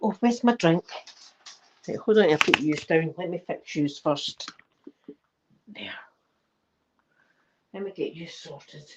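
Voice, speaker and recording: An older Scottish woman hosts her channel with a cheeky, casual chat at home, short of breath as she talks. Her low-ish voice is expressive and slow with frequent pauses, and the slightly dull lo-fi recording has some background noise.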